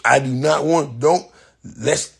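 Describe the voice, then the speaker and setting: A man's voice: on the high side, takes it slowly, gravelly, husky. A man ranting bluntly and profanely to his viewers in casual talk, repeating "you know what I'm saying" and breaking into laughter often. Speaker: social media personality.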